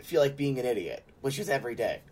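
A man's voice: medium pitch, sing-song, fast, darkish tone. Guy from arizona chatting on a sports podcast, says like a lot, laughs a bunch, rambles. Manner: rambling, heavy use of "like", laughs often. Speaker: podcast co-host. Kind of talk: casual chat.

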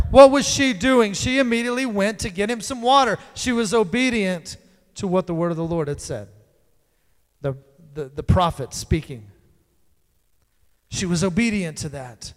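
A man's voice: sits high, normal speed. A man preaching a sermon in a church, conversational and playful with the congregation. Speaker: pastor. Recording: long hall reverb.

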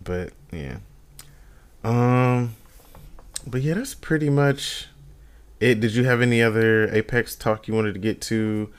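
A man's voice: medium pitch, slow, pauses often, smooth. A man co-hosting a podcast in casual chat, easygoing, with short replies. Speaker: podcast co-host.

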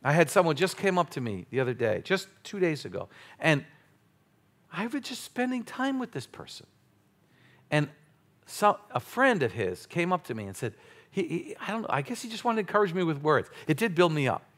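A male pastor preaching a sermon, playful and animated, with sudden loud exclamations. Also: on the high side, normal speed.

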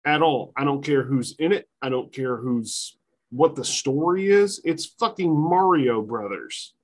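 A man's voice: mid-range voice, expressive, a little slow. A man co-hosting a podcast in casual chat, dismissive and grumbling. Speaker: podcast co-host.

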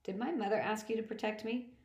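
A woman's voice: medium pitch, steady tone, brisk, a little mellow, pitched above the performer's own voice, close to an everyday voice. A woman reading the part of a grieving, blunt twelve-year-old boy in an audiobook, with a demanding manner, in a roomy echo. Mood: subdued.

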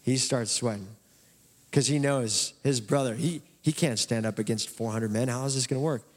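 A man preaching a sermon, retelling a story in a casual, animated way. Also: mid-range voice, moderate pace. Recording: long hall reverb.

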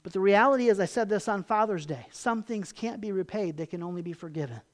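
A pastor preaching a sermon. The pastor reads scripture aloud with rising emphasis, explains it in a conversational way, asks rhetorical questions, and often ends a point in a low, quiet voice. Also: fast.

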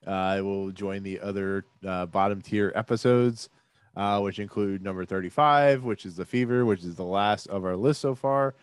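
An easygoing man with a fairly low voice, co-hosting a podcast and laughing often as he leads the discussion. His voice sounds dry and close to the mic. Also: moderate pace, clean tone, no room sound. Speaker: podcast co-host. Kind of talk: casual chat.

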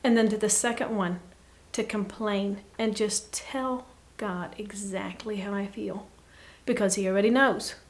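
Earnest soft-spoken woman guest. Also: mid-range voice, fairly even intonation, measured pace, hardly any pauses. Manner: earnest, reflective, often drops to a soft hush. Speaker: podcast guest. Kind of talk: personal faith talk.

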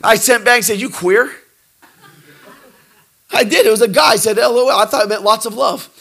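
A middle-aged man preaching a folksy sermon, joking and repeating himself, swinging from quiet asides to shouted praise. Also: high-pitched, quick pace, vocal fry. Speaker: pastor.

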